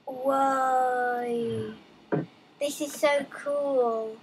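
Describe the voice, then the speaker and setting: A young woman casually commenting while playing a game, reading on-screen text aloud with excitable, chatty asides. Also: high voice, drawn-out words, slight background noise, low-quality recording. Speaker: let's play gamer.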